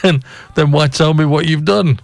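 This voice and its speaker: A radio host voicing a flustered, long-suffering Catholic priest who is indignant and scandalised, in a comic poem reading. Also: male voice, lowish voice, huge pitch swings, normal speed, breathy edge, no room sound, faint music behind, pitched above the performer's own voice, heavily acted. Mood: shocked.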